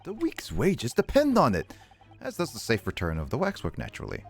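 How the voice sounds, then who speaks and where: A man's voice: medium pitch, huge pitch swings, faint music behind, pitched above the performer's own voice. A man voicing a theatrical, grandiose male detective in a video game read-through. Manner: grandiose, drawn-out declarations.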